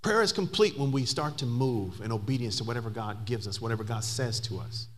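A man's voice: mid-range voice, lively intonation, brisk, a bit bright, a little hiss or hum. A man preaching a sermon as pastor, telling a story and building to emphatic, climbing passages.

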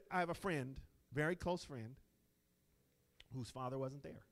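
A middle-aged man preaching a sermon in a conversational way, moving between quiet asides and loud, emphatic lines. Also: medium pitch, unhurried, long pauses. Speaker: pastor.

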